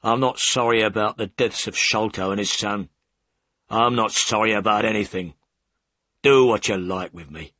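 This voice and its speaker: A bitter middle-aged prisoner, voiced by a man, speaking low and slow with a husky edge. His tone is gruff and resigned throughout this storybook reading. The recording is dry and close. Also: bright, forceful tone, no room sound.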